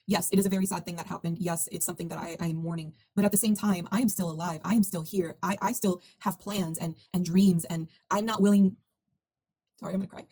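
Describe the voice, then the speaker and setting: A woman's voice: on the low side, mellow. A woman analysing a music video in a conversational, emphatic commentary, with frequent fillers and restarts. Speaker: video essay host.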